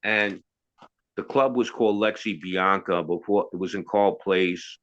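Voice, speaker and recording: A man's voice: low-pitched, steady tone, unhurried, a bit bright. A middle-aged man telling a story as an interview guest, casual and rambling, with restarts and asides. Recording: dull lo-fi sound.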